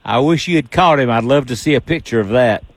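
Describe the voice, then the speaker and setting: A man's voice: mid-range voice, fairly quick, no echo. A man hosting a radio fishing show, giving a caller brief, encouraging replies.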